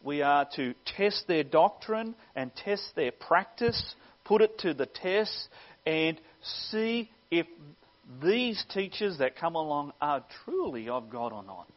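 A male pastor preaching a sermon earnestly, swelling louder on key phrases and dropping low at their ends. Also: animated, slow pace, dull audio.

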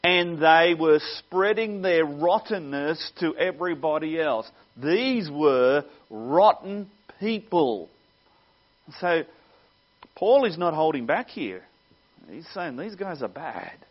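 Male preacher, earnest teaching tone, slightly high pitch, muffled lo-fi sound. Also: lively intonation, slow pace. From Australia. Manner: earnest teaching with wry laughs. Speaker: pastor. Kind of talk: sermon. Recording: dull lo-fi sound.

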